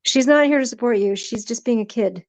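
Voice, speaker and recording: A woman's voice: a little high, a little fast, a little mellow, dry recording, rough recording. A woman hosting a live stream, chatting casually and teasing people in the chat, her voice worn out. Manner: playful, teasing, reads chat names aloud.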